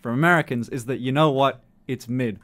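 A man's voice: medium pitch, brisk, a bit bright. A young man streaming, chatting casually and laughing through exasperated banter with a friend. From England. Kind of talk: casual chat.

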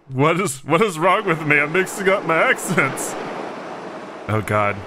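A man's voice: a little high, sing-song, measured pace, background noise. A man from Texas giving casual, joking gameplay commentary with chatty, self-mocking asides. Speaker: let's play host.

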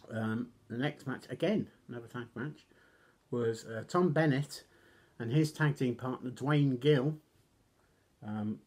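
A man talks loosely through a wrestling recap, circling back with fillers and poking fun at himself. His voice is husky and breathy, at a middling pitch, with occasional coughs. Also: unhurried, a little mellow. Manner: rambling, self-deprecating, coughs often. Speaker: wrestling reviewer. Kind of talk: casual recap.

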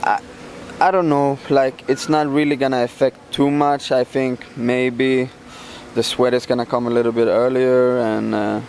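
A man who fights professionally speaks in a middle-range voice, answering questions in a relaxed, halting way full of fillers. A faint hum sits behind him. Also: medium pitch. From Sweden. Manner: halting, many fillers and restarts. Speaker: MMA fighter, champion. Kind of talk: casual interview answers.

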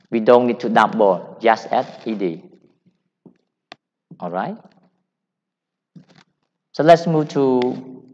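A man with a Cambodian accent teaching English grammar, explaining slowly and repeating each point. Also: mid-range voice, darkish tone. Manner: slow, repetitive, deliberate explaining. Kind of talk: grammar lecture. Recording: dull sound in a long-reverb hall.

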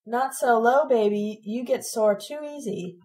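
A woman's voice: fairly high pitch, unhurried, dark tone, pitched above the performer's own voice, natural voice. Brief: brash, touchy young gang-leader guy, tough street talk, voiced by a woman narrator. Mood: taunting. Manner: swaggering street slang.

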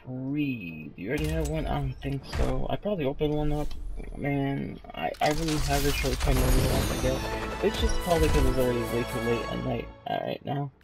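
Tired young man with a gravelly voice. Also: fairly quick, loud music behind the voice. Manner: low-key, unenthusiastic, trailing off with fillers. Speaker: gaming YouTuber. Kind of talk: casual gameplay commentary. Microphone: gaming headset mic.

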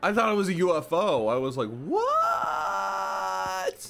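A man giving casual, animated commentary while playing a store game, jumping to high excited exclamations and mock-polite shopkeeper lines. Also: fast talker, loud music behind the voice. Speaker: gaming YouTuber.

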